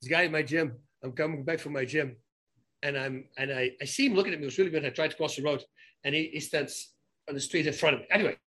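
A man with a fairly high, bright, forceful voice tells stories in a relaxed conversation. He is animated and often restarts his sentences or repeats words as he goes. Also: fast talker, husky. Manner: animated, acts out both sides of conversations. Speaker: guest telling stories. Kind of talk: casual conversational storytelling.

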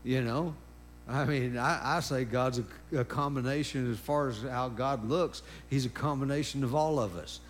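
Preaching a sermon in a mid-range voice, a man repeats phrases emphatically and draws things out, interjecting praise along the way. There's a slight hiss or hum in the recording.

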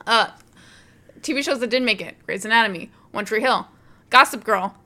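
A woman's voice: on the high side, normal speed, pushed and bright. A woman co-hosting a casual chat with a wry, self-deprecating way of talking.

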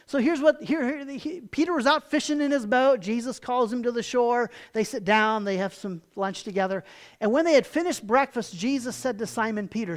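A pastor giving a sermon in a conversational way, repeating words, getting loud for emphasis and then dropping quiet. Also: male voice, extremely high pitch, normal speed.

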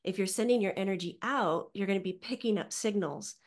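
A woman guest on a podcast, a psychic medium, chatting casually in an animated, teaching way. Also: mid-range voice, fairly quick. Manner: animated, teaching tone, acts out quoted voices.

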